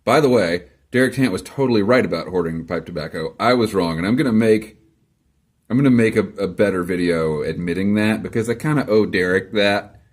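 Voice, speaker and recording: A man's voice: fairly low pitch, a little fast. A man answering viewer comments in a casual video, dry and sarcastic, rambling along with self-deprecating asides, recorded in his garage. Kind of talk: casual chat to camera. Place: home garage.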